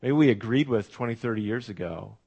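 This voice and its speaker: A man's voice: mid-range voice, brisk, creaky, darkish tone, slightly rough, highs cut off. A middle-aged man preaching a sermon as pastor, telling stories in a conversational way with fillers and asides to the congregation.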